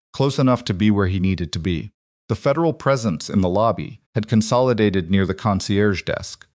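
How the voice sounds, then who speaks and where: A man narrating a story in a calm, measured way. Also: lowish voice, dry recording, studio quality.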